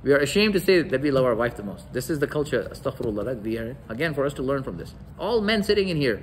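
A man's voice: mid-range voice, very animated, quick pace, poor audio. Man, religious lecture, storyteller, acts out dialogue, faint background noise.

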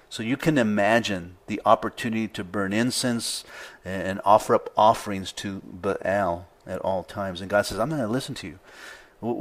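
A male pastor preaching a sermon in an easygoing conversational way, reading scripture aloud with rising emphasis. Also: on the low side.

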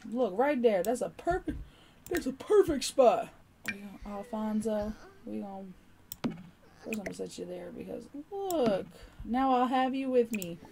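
A young woman streaming a life-sim game, joking loudly and swearing as she narrates her character's schemes. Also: fairly high pitch, slight background noise. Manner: loud, profane, jokey, voicing her character's lines. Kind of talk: casual gameplay commentary. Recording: game music playing loudly behind.

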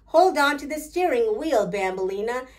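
A woman voicing a small, friendly fairy in a soft storybook manner. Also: sits high, lively intonation, normal speed.

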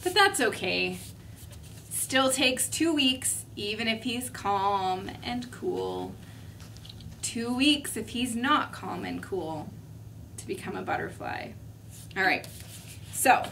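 A woman preschool teacher reading a story and teaching young children, gentle and asking them questions. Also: medium pitch, sing-song, takes it slowly, gravelly, pauses often. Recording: distant mic, faint room noise.

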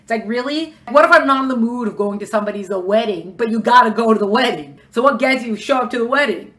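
A woman teaching a lecture class in a quick, conversational way, acting out bits of dialogue. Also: a little high, fairly bright tone. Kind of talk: lecture on religious texts.

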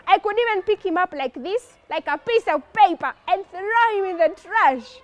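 A woman's voice: expressive, normal speed. A woman voicing a huge, boastful male giant warrior who taunts his enemies in a children's story. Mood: mocking. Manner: taunting, booming and scornful.

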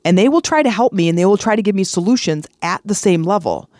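A woman's voice: mid-range voice, animated, fast, a little mellow, no room sound, studio quality. A woman podcast host and life coach giving a motivational self-help talk, earnest and encouraging, often repeating words for emphasis.

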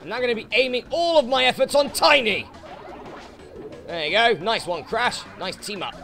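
A British man who hosts let's plays, giving excitable gameplay commentary full of swearing and frustrated outbursts. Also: extremely high pitch, moderate pace, creaky, soft background music. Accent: British English. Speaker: let's play host.

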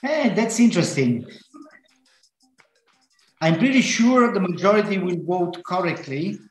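A man on a panel chatting casually over a video call, giving short, unhurried replies. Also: high-pitched, lively intonation, faint music behind. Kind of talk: casual chat. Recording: echoey room with faint noise.

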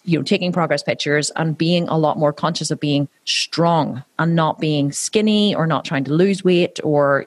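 A professional athlete in her forties chats casually as an interview guest, laughing often, restarting frequently, and sprinkling in lots of fillers like "you know." Her voice is low and there's no echo.

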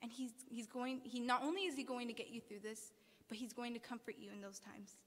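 A woman's voice: on the high side, fairly even intonation, a little fast. A young woman speaking as a student at a service, earnestly preaching, reading scripture aloud and putting questions to the audience. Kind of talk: sermon. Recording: long hall reverb.

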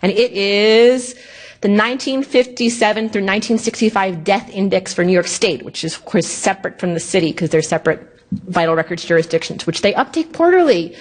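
A woman giving a lecture at a conference, animated and indignant, often mimicking officials in exaggerated voices. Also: mid-range voice, a little fast.

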